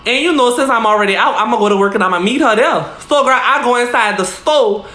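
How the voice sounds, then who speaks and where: A woman's voice: fairly high pitch, quick pace, a bit bright. A woman vlogger telling a casual story in a chatty, profane way, calling the listener girl again and again. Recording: roomy echo.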